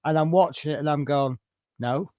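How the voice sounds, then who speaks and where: A man's voice: fairly high pitch, expressive, moderate pace, no echo, dull audio. A man with a broad Norfolk accent, chatting casually with a fellow modeller on a live stream and telling stories. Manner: chatty, storytelling, restarts often. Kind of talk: casual chat.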